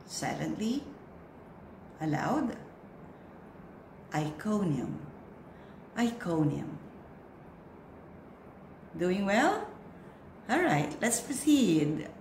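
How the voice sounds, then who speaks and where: A woman coaching church readers through a pronunciation drill, giving slow, patient prompts with long pauses between them. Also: mid-range voice, very animated. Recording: echoey room with faint noise.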